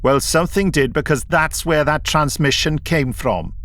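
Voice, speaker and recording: Man doing a sleepy stubborn radio tech guy, higher than his narrating voice, keeps pushing his point. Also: moderate pace, a bit bright, lightly acted. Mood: insistent. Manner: insistent, dogged. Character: sleepy, stubborn male communications technician.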